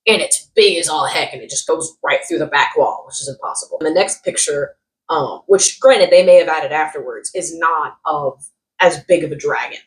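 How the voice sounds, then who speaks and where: A young woman vlogging comedic product reviews, sarcastic and animated, jumping from loud outbursts to muttered asides. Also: low voice, moderate pace, poor audio. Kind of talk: casual comedic commentary.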